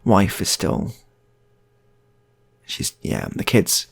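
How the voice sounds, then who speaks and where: A man's voice: sits low, huge pitch swings, very slow, creaky, breathy edge. A man telling an improvised comic story, chatty and full of rambling asides.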